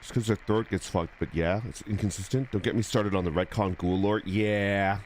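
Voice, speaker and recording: A man's voice: on the low side, steady tone, moderate pace, slight background noise. A young man streaming a video game, chatting in a rambling, jokey way. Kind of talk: casual gaming commentary.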